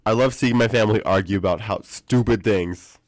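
A young man co-hosting a casual podcast, telling animated stories and mimicking people. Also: a little fast, no echo, clean studio sound. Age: young adult. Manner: animated storyteller, mimics people in high voices. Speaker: podcast co-host. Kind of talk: casual chat.

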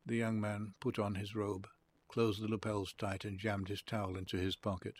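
A man reading a literary short story aloud. His narration is calm and measured. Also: fairly low pitch, a little hiss or hum.

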